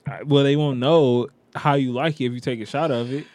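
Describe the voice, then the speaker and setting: A co-host in a casual chat with friends, relaxed and slangy, laughing easily. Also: medium pitch, a little fast, no echo. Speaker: podcast co-host.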